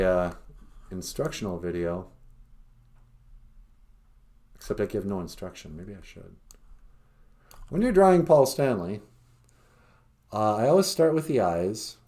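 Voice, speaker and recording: A man's voice: lowish voice, animated, measured pace, pauses often, mellow. A man from northern Minnesota hosting a casual livestream, rambling and joking at his own expense. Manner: rambling, self-deprecating joking, full of fillers. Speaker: podcast host and cartoonist.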